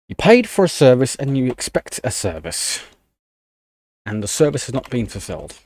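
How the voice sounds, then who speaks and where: A man's voice: medium pitch, very animated, moderate pace, darkish tone, no echo, clean studio sound. A young man chatting casually on a live stream, ranting in annoyance while typing commands at his desk. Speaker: livestreamer.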